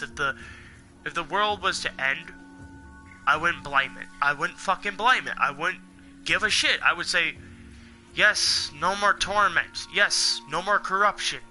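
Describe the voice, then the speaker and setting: A young man who hosts a gaming channel vents to his audience in a furious, rambling monologue laced with swearing. His voice is a little high, bright and forceful.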